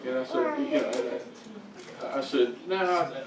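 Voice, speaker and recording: A man's voice: mid-range voice, sing-song, normal speed. Older man, church testimony, folksy and stammering; distant mic, roomy echo. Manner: folksy storytelling, stammering restarts. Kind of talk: personal testimony. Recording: echoey, distant mic, background noise.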